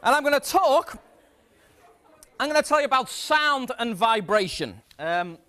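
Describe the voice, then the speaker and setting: A man presenting a comic science demonstration on stage to a live audience, energetic and self-mocking. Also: extremely high pitch, measured pace.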